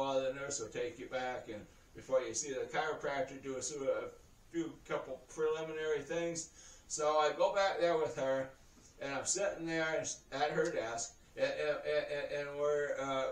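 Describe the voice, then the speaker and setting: A man telling a story in a casual vlog, rambling and swearing, often breaking into laughter. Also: mid-range voice. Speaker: vlogger. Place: indoor room. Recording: roomy echo, heard from a distance.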